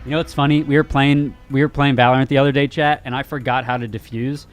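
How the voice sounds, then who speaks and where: A man's voice: medium pitch, fairly even intonation, quick pace, soft background music. A man hosting a gaming news live stream, chatting casually and jokingly with his viewers. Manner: joking, talks straight to chat, laughs often.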